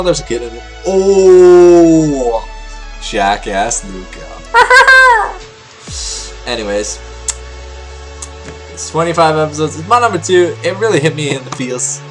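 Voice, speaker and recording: A man's voice: on the high side, very animated, normal speed, pauses often, faint music behind. Rambling crude young man vlogging. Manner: rambling, crude and joking, full of fillers. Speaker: vlogger ranking anime. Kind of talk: casual rambling anime review vlog.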